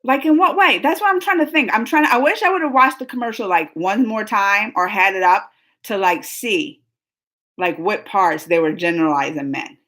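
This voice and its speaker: A woman hosting a casual reaction discussion, talking in an animated, rambling and emphatic way with the people in the room. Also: medium pitch, moderate pace. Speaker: reaction show host.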